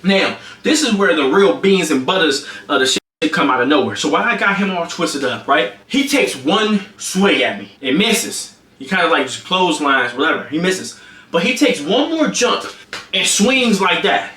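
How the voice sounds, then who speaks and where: A man's voice: on the high side, normal speed, reverberant. A young man streaming, telling a story with lots of energy and acting it out with sound effects. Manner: excitable, acts out the scene with sound effects. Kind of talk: animated storytelling on a livestream.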